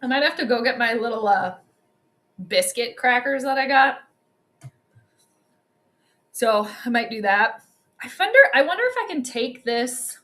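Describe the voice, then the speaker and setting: A young woman hosting a livestream, giving chatty and excitable commentary on a basketball game straight to her viewers. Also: on the high side, unhurried, long pauses. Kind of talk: casual live commentary.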